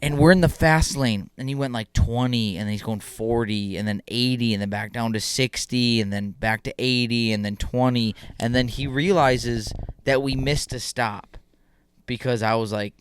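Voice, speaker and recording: A young man co-hosting a podcast, telling a funny story in an animated way and acting out the people in it. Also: medium pitch, normal speed, clean tone. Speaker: podcast co-host. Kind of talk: casual chat, storytelling.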